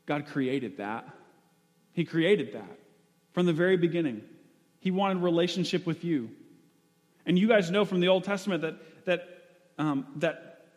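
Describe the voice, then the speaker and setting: Preacher echoing through a hall. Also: male voice, on the high side. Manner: conversational, with frequent fillers and restarts. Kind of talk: sermon. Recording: long hall reverb.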